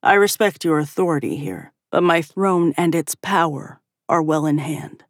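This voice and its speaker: A woman's voice: low-pitched, moderate pace, no echo, studio quality, lightly acted. A woman voicing a composed male king who speaks firmly and with control. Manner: firm, controlled.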